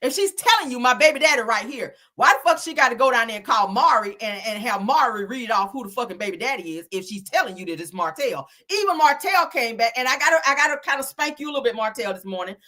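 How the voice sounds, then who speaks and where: A woman's voice: fairly high pitch, lively intonation, quick pace, hardly any pauses, pushed and bright. A woman hosting reality TV commentary, blunt and scolding, with frequent swearing. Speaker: commentary host.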